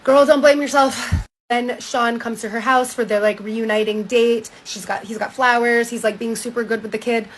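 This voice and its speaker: A woman's voice: a little high, level tone, moderate pace, few pauses, slight background noise, low-quality recording. A woman giving a breezy, gossipy, casual recap of a book, now and then acting out quotes.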